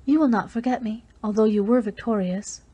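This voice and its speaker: A woman's voice: fairly high pitch, brisk, dark tone, slightly rough. Woman voicing lilting, proud, despairing young woman. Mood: pleading. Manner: impassioned, bitter, trembling. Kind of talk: audiobook character reading.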